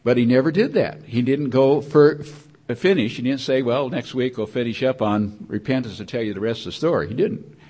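A man's voice: mid-range voice, normal speed, a little mellow, slightly rough. An older man preaching a sermon in a conversational, rambling way, with many restarts and repeated words.

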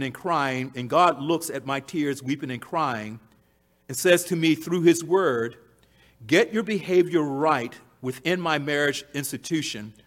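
High-pitched guy preaching, repeats stuff for emphasis, gets loud then goes real quiet. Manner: emphatic, repeats key phrases, swings from loud to hushed. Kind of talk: sermon.

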